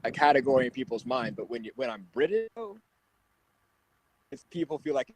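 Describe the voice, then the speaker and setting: A man's voice: mid-range voice, fairly quick, slight background noise, poor audio. A young man chatting on an online call, joking and hesitant, with many restarts. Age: young adult. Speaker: guest on a call. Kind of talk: casual group chat.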